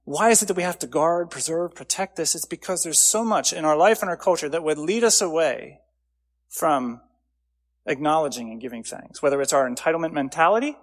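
A man's voice: lively intonation, brisk. Earnest man preaching a sermon. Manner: earnest preaching, swells louder on key phrases then drops low. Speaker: pastor.

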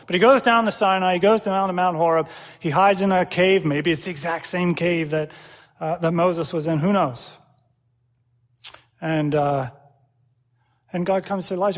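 A man preaching a sermon in an animated way, acting out quoted prayers and dialogue and laughing often. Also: sits high, moderate pace, pauses often. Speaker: pastor. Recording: long hall reverb.

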